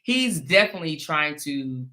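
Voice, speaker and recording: A woman's voice: sits low, sing-song, normal speed, bright, forceful tone. A woman hosting a reaction commentary, sassy, blunt and mocking in a casual way.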